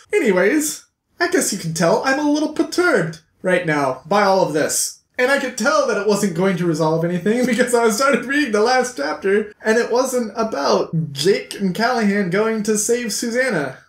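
A man reviewing a book on his vlog, ranting in an exasperated, animated way. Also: sits high. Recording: echoey room.

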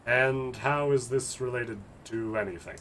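A man's voice: mid-range voice, unhurried, fairly bright tone, slight background noise, close to an everyday voice. Man reading as a sarcastic, exasperated tough guy. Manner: sarcastic, mocking.

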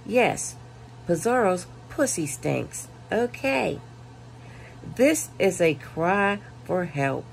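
A woman vlogger casually reading viewer comments aloud, laughing and mocking, punching the quoted lines loudly. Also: on the low side, sing-song, very slow, creaky, a little hiss or hum. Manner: laughing, mocking, reads comments with loud emphasis.

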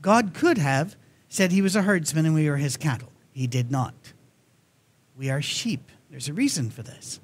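A man's voice: a little high, expressive, moderate pace, husky. A man preaching a sermon in a church, telling stories in a conversational manner. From Scotland. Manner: conversational, storytelling.

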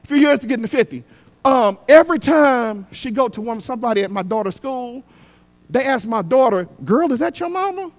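A middle-aged man preaching a sermon. He repeats his lines in a call-and-response rhythm and swings between shouted peaks and quick, hushed asides. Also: extremely high pitch. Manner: repetitive call-and-response cadence. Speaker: guest preacher.

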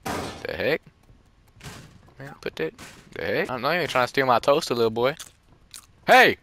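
A young man doing casual gaming commentary, laughing often and breaking into sudden high-pitched yells. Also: expressive, normal speed, no echo. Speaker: gaming channel host.

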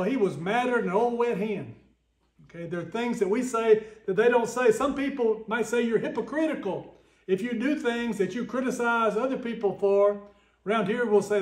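A man's voice: sits high, echoey room. A man with a Southern American accent preaching a Sunday sermon, earnest and folksy, reading scripture aloud.

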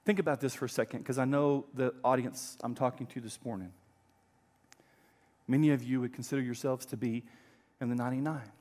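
A middle-aged male pastor preaching a sermon, telling a story with emphatic swings between loud and quiet. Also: medium pitch, fairly even intonation, brisk.

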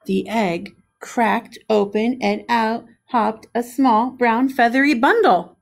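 Gravelly-voiced woman reading a picture book. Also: fairly high pitch, takes it slowly. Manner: expressive, friendly, pointing out pictures. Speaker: preschool teacher reading aloud. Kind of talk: picture book read-aloud.

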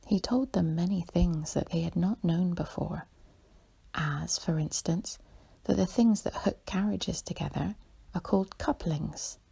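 Woman, whispered bedtime reading, calm, breathy, gravelly, low. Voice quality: husky, creaky whisper. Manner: slow, calm, hushed. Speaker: bedtime story reader. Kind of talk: whispered sleep story reading.

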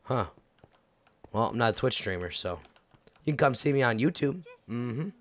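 A man's voice: mid-range voice, lively intonation, moderate pace. A man giving casual let's-play commentary, goofy and chatting to the game characters as he plays. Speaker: gameplay commentator.

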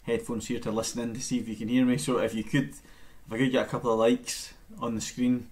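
A man's voice: mid-range voice, level tone, fairly quick, a little mellow. Guy teaching pipes on a livestream, easygoing and chatty, counts everyone in, camera mic at home. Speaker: bagpipe teacher. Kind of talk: live-streamed online music lesson.

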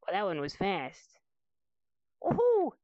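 Low-voiced woman muttering while gaming. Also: unhurried, dry recording. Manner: mutters low-key commentary on her tries. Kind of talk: casual chat while gaming. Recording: dull lo-fi audio.

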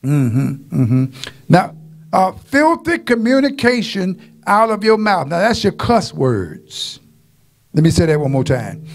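Middle-aged male pastor, high and gravelly; folksy, playful preacher who drops to asides, then shouts. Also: sing-song, measured pace, soft background music. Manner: preaching with call-and-response, swinging from low asides to shouts; folksy, joking, drawls asides to the walls. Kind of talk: sermon.

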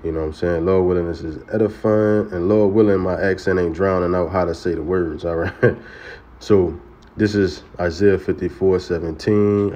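Deep-voiced man teaching scripture casually. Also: fairly even intonation, warm tone, muffled recording. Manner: casual, repeats "man" and "you know"; chants sacred names slowly. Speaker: religious teacher.

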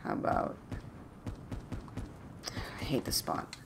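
A young man casually commentating his own gameplay at home, jokey and trash-talking with sudden loud outbursts. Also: takes it slowly, noisy background. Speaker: gaming YouTuber. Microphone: desktop USB mic.

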